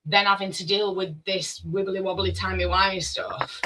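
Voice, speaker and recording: A man's voice: sits high, level tone, moderate pace, sharp tone, a little hiss or hum, low-quality recording. A man in a casual podcast chat who sets out his argument point by point. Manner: argues in numbered points.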